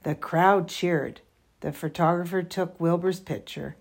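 Slow, low-voiced woman reading aloud. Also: fairly even intonation, creaky. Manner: slow, careful read-aloud. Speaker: reader. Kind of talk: reading a children's novel aloud.

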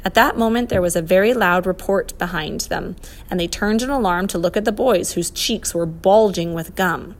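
A woman reading a children's storybook aloud in a steady, clear, expressive way. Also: lowish voice, normal speed. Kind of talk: storybook read-aloud narration.

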